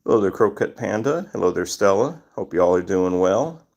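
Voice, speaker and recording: A man's voice: deep voice, lively intonation, moderate pace, darkish tone. A man hosting a casual livestream, greeting viewers by name and answering chat questions. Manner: reads chat names aloud and greets viewers. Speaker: livestream host.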